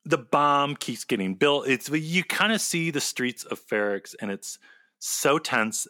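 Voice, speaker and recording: A man co-hosting a casual podcast, chatting animatedly in quick bursts and laughing often. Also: medium pitch, expressive, pushed and bright, dry recording, clean studio sound. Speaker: podcast co-host. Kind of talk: casual chat recapping a TV episode.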